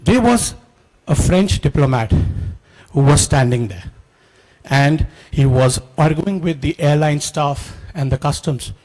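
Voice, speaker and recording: A middle-aged man with an Indian accent gives a lively motivational talk to students, telling stories and putting questions to the audience. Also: on the high side, a little slow, low-quality recording. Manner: animated storyteller, asks the audience questions, mixes Hindi into English. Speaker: guest speaker.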